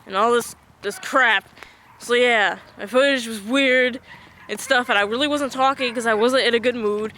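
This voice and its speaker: A woman's voice: fairly high pitch, normal speed, sharp tone. A young woman vlogging on a walk outdoors, chatting casually and rambling in a self-deprecating way. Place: outdoors, urban area.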